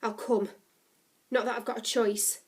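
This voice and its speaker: Snappy teen girl biker, touchy and blunt, pitched up high, as a lady reading a storybook puts her on. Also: little pitch movement, measured pace, distant mic, close to an everyday voice. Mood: exasperated. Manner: snappy and exasperated.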